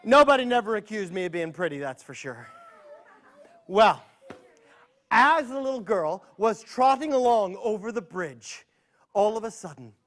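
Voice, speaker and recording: A man's voice: high-pitched, very animated, moderate pace, pauses often, fairly bright tone. A man telling a folktale to children at a library event, playful with chatty asides. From United States. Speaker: storyteller. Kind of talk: animated storytelling for children.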